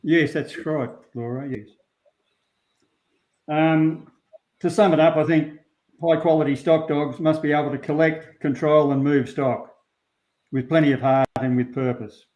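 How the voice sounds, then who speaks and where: This Australian sheepdog handler is being interviewed and talks in a relaxed, unhurried, plain-spoken way, dropping in plenty of ums. His voice sits on the high side, with a steady, slightly mellow tone. The recording sounds roomy, dull and lo-fi.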